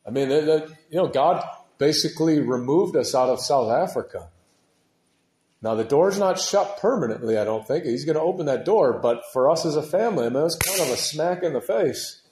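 A man preaching a sermon with passion, moving from hushed, heavy passages to loud, urgent ones, and dropping casual words like dude and man. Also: on the high side, animated, brisk, reverberant, a little hiss or hum. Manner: impassioned, swings from hushed to shouting.

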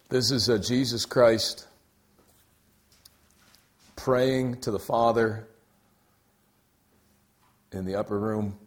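A young adult man delivering a sermon with lively, shifting energy. He bursts out loudly on key points, then drops to a hushed, almost whispered tone. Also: fairly low pitch. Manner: animated, swings from loud exclaiming to quiet near-whisper. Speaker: preacher.

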